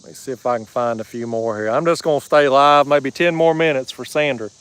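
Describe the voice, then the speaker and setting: A man's voice: mid-range voice, a little fast, a bit bright, clear, resonant tone, rough recording. A man hosting a fishing livestream from a kayak, chatting casually and reading out viewer comments in a folksy drawl. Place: kayak on a river outdoors.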